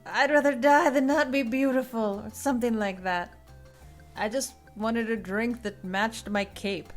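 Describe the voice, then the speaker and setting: A woman hosting a cosplay and cocktail video, talking casually with a loose, chatty manner and plenty of fillers. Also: medium pitch.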